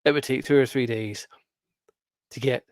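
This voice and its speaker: A man's voice: medium pitch, steady tone, moderate pace, dry recording. A man hosting his own channel, ranting casually to camera in an exasperated, emphatic way, swearing often. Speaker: video commentator.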